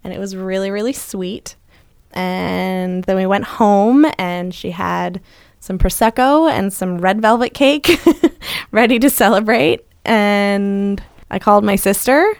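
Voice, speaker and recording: Woman, 30s, podcast co-host. Animated storyteller with big pitch jumps, dry close-mic sound. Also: takes it slowly, creaky, clear, resonant tone, no echo. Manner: animated, acts out quoted lines with jumps in pitch. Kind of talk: casual storytelling chat.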